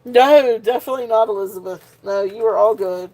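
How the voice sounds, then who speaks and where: A woman's voice: medium pitch, fairly quick, mellow. Giggly, tired woman hosting a live sale. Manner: giggly, laughs often while talking. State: tired and punch drunk. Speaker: live jewelry sale host. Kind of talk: casual live-stream chat.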